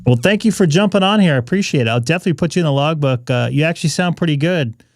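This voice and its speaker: A man's voice: a little high, lively intonation, very fast, soft background music. A man from California hosting a ham radio live stream, talking casually with lots of fillers. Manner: chatty, loose, many fillers. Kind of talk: casual on-air chat.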